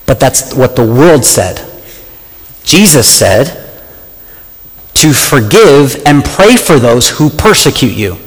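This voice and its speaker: A man's voice: medium pitch, takes it slowly, long pauses, husky. Passionate preacher man in echoing hall. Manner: passionate, animated, asks the audience questions. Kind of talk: sermon.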